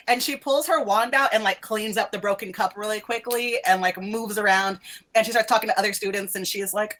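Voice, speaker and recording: A woman's voice: mid-range voice, normal speed, a bit bright. A woman game master narrating a tabletop game in a loose, conversational way. She rambles casually, filling her sentences with "like" and breaking into laughter. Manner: loose, chatty, full of "like" and laughs.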